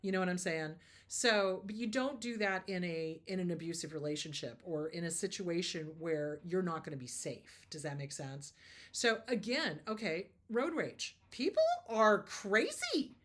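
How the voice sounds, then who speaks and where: A woman's voice: lowish voice, moderate pace. A middle-aged woman therapist hosting an advice show, talking casually and emphatically, telling stories and acting out quotes. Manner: emphatic, lively storytelling with laughs and mock quotes.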